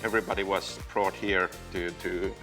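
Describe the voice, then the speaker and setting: A man showing a visitor around a game studio, explaining and directing her in a calm, patient, instructive way. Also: low-pitched, moderate pace, soft background music.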